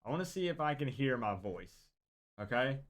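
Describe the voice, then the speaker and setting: A man's voice: medium pitch, moderate pace. A man streaming a video game, chatting casually and animatedly with his viewers. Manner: chatty, animated, talks to chat directly. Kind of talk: casual gameplay chat with viewers.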